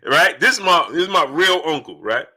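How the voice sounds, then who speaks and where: A man hosting a casual live stream, greeting chat viewers by name one after another in an animated, rapid-fire way. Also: a little high.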